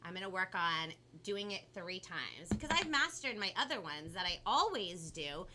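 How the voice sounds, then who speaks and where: A chatty woman from California with a Valley girl accent, hosting a kids' live stream and talking a lot and quickly. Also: fairly low pitch, very animated, sharp tone, a little hiss or hum. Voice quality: talks a lot and fast, bubbly. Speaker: kids' show host.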